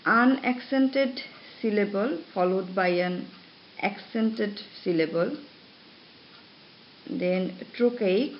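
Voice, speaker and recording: Woman lecturer, slow deliberate pace, reading notes, dull lo-fi sound, faint hiss. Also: medium pitch. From Bangladesh. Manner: slow, measured, pauses between phrases.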